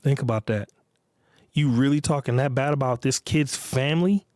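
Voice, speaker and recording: Middle-aged dude ranting on his podcast, cussing, repeating stuff, dry close sound, mid pitch. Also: moderate pace, a little mellow, no room sound. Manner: blunt, profane, emphatic, repeats himself. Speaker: podcast host. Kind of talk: casual monologue.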